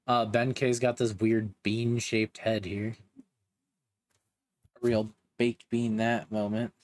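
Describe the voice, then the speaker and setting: A man's voice: lowish voice, little pitch movement, slow pace, a little mellow. Joking young man recapping a manga. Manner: joking, slangy asides. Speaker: manga reviewer. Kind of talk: casual recap commentary.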